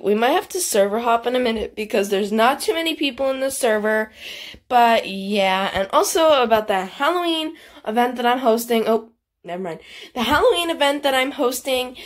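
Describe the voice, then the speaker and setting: A woman hosting a gaming channel, chatting casually over gameplay in a bubbly, giggly way with frequent exclamations. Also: a little high.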